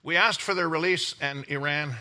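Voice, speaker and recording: A man's voice: a little high, normal speed, bright, forceful tone. A man giving a rambling, informal classroom lecture, often checking in with his listeners by asking "okay?". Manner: rambling, checks in with "okay?" after many points.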